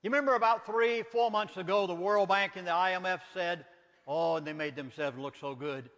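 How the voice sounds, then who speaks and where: A man's voice: high voice, fairly quick, a bit bright. An older man with a Southern US accent, giving an urgent, emphatic public lecture in a preacher's cadence. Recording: lecture hall reverb.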